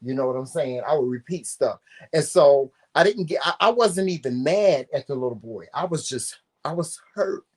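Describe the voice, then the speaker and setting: A man co-hosting a talk show, chatting casually with slangy, expressive speech and frequent laughs. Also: a little high, normal speed, husky. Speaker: co-host. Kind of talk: casual chat.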